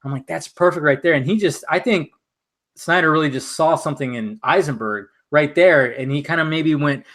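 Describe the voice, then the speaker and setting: Male stream host, slightly high voice, tipsy, loose and profane, rambling. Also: normal speed. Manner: animated, profane, rambling with restarts. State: tipsy from vodka. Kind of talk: casual film chat on a drinking stream.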